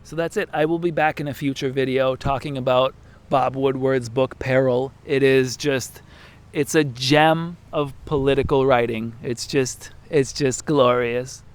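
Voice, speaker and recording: A man's voice: medium pitch, steady tone, a little slow, smooth. Profane, sarcastic male ranter. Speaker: political commentator. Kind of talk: ranting online commentary.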